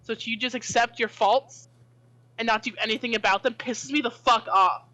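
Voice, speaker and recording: A proud, confrontational warrior, played by a woman during a tabletop role-play session. She swears freely and demands answers. The voice is bright and ringing. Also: a little high, steady tone, normal speed, rough recording. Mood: heated. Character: fierce, proud warrior who demands trust. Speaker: player voicing her character.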